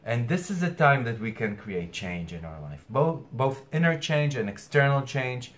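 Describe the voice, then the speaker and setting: A man's voice: medium pitch, sing-song, normal speed. A man astrologer speaking earnestly to camera, hesitating and restarting often, with something caught in his throat. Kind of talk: weekly spiritual message to camera.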